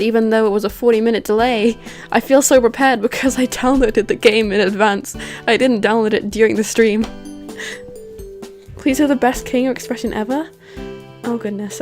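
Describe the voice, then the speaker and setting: A woman streamer with a slightly higher voice chatters through a game, playful and self-mocking. Soft music runs under her talk. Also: steady tone, normal speed. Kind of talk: casual gaming livestream chat.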